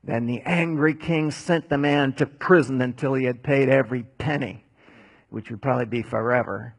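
A man preaching a conversational sermon, telling a Bible story in a casual, animated way. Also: medium pitch, normal speed, breathy edge, dry recording.

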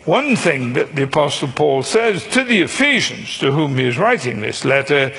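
Guy preaching a sermon, kinda high voice, raspy, slow and deliberate, repeats stuff for emphasis. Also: big pitch swings, a bit bright. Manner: slow, deliberate teaching with dry humor; emphatic repetition of key phrases.

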